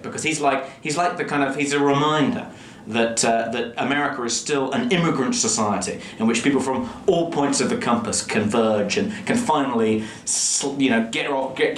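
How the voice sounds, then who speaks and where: A man giving sardonic, emphatic commentary in a documentary interview, with stumbling repeats. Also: medium pitch. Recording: echoey room, faint noise.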